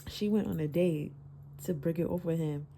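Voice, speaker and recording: A woman's voice: low-pitched, moderate pace, warm tone, a little hiss or hum. A woman giving a casual, candid book review, laughing often and cursing freely while talking into her phone.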